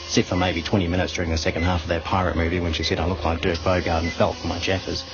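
A man's voice: low-pitched, little pitch movement, very fast, natural voice. A man with a New Zealand accent playing a crude, stingy old dad in a radio comedy sketch, blunt and grumbling. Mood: sentimental. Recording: dull archival radio clip with music.

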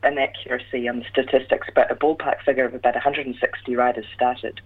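Husky man reviewing a film on radio. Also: mid-range voice, level tone, fast talker, phone-quality sound. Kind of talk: casual radio chat.

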